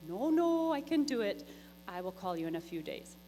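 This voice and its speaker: A woman's voice: mid-range voice, very animated, normal speed, warm tone, lightly acted. Woman playing a laid-back fix-it guy, offhand and evasive, in a big echoey room with hum. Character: easygoing male repairman who keeps stalling.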